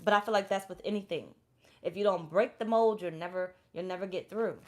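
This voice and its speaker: A woman's voice: lowish voice, brisk, darkish tone, a little hiss or hum. Young woman doing a tarot reading, blunt and sweary, repeats herself, casual storytelling. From Florida, USA. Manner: blunt, profane, repetitive storytelling. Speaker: tarot reader.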